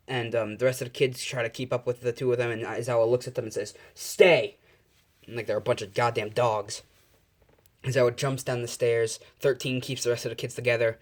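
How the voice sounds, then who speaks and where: A man telling an improvised fan-fiction story in a casual, rambling way, full of fillers and self-corrections. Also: medium pitch.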